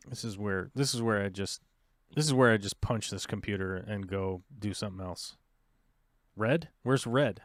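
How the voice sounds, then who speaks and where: A man's voice: fairly low pitch, moderate pace, no room sound, clean studio sound. Frustrated man muttering at his computer. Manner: frustrated, mutters to himself while fiddling with software. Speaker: podcast host. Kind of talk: casual livestream chat.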